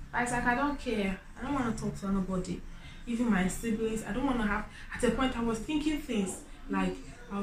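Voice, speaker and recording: A young woman telling her own story in an expressive way, jumping from loud exclamations to quiet, low confiding. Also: a little hiss or hum. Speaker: vlogger. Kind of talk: personal storytelling. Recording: echoey room.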